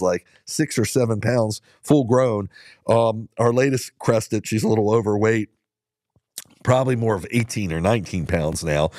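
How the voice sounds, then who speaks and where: Low-voiced rambling man telling dog stories. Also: darkish tone, no room sound, clean studio sound. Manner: rambling storyteller, many fillers and restarts. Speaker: dog musher and vlogger. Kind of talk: casual talk to viewers while out on a ride.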